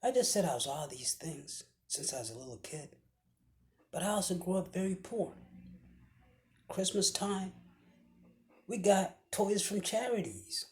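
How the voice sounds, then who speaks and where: A man giving a motivational speech with a preaching cadence, often dropping his voice to a hushed whisper for emphasis. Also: high-pitched, unhurried, long pauses. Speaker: motivational speaker.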